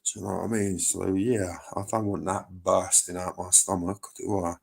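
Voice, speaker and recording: Deep-voiced sweary man. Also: flat delivery, moderate pace, vocal fry, darkish tone, husky. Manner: rambling, swearing, reads chat aloud. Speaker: livestreamer. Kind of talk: casual livestream chat.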